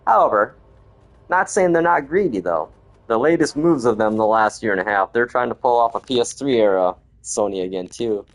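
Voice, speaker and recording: A man's voice: on the low side, animated, fairly quick. A middle-aged man giving casual, rambling commentary while playing a video game, dropping "man" and "yo" as he goes. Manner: rambling, laid-back, says "man" and "yo". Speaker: gaming channel host.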